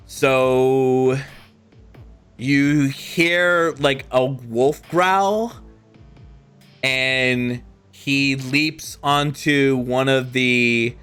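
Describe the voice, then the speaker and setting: A man's voice: medium pitch, a bit bright, clear, resonant tone. A man narrating a tabletop game as game master, rambling with many fillers. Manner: rambling, lots of fillers and voiced asides.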